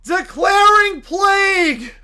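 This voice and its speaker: A woman voicing a furious male bear cult leader who shouts and wails melodramatically. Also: very high-pitched, animated, takes it slowly, voice pushed up, exaggerated voice. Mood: despairing.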